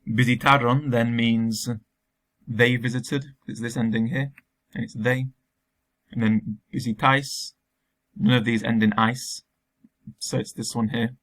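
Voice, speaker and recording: A man's voice: medium pitch, flat delivery, measured pace, pauses often, fairly bright tone. A man teaching a recorded remote lesson, explaining patiently step by step with frequent ums.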